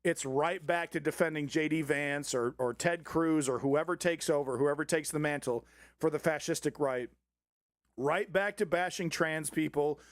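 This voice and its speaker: A man's voice: on the high side, normal speed, no room sound, clean studio sound. A man hosting a live commentary stream, ranting sarcastically and swearing often. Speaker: host.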